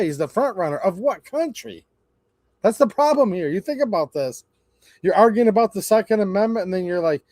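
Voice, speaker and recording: A man's voice: sits high, a little mellow, no room sound. Sarcastic rambling man, dry close sound. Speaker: channel host. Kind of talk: casual livestream rant.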